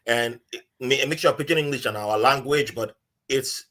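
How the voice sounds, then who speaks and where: Medium in pitch and a little fast, a Nigerian-accented man tells a story as a podcast guest. The chat is casual, and he animatedly acts out each voice he quotes.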